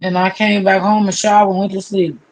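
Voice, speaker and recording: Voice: mid-range voice, flat delivery, a little fast. A livestream host in casual chat who greets viewers one by one by name, drawing out each greeting and calling people honey and baby. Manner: warmly familiar, calls people honey and baby.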